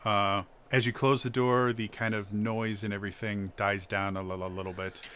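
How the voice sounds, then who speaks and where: Bright-voiced stuttering game master. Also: male voice, fairly low pitch, flat delivery, smooth. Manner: halting, stuttering narration. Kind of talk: narrating a tabletop game.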